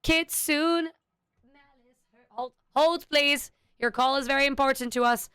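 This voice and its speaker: A woman's voice: high voice, takes it slowly, sharp tone, no room sound. A woman streaming a game, chatting casually with self-deprecating jokes. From United States. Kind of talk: casual live-stream chat.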